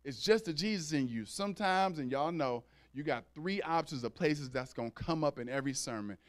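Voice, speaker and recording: Smooth-voiced man preaching conversationally. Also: a little high, animated, brisk. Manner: conversational preaching with call-outs to the congregation; acts out dialogue in raised voices. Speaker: pastor. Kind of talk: sermon.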